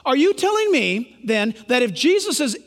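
A man's voice: extremely high pitch, sing-song, normal speed. A man preaching a sermon as pastor, emphatic and questioning the congregation. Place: church sanctuary. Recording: long hall reverb.

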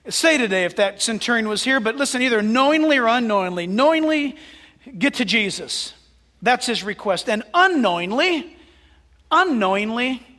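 A man with a very high, bright voice delivers an animated sermon as a pastor. His pitch swings widely as he tells stories and drops into soft asides, and long reverb from a large hall trails every phrase.

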